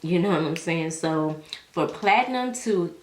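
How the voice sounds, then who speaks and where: A woman's voice: fairly low pitch, lively intonation, unhurried, echoey room. A young woman chatting casually to her viewers while she does her makeup, heartfelt and full of slang. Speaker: beauty vlogger.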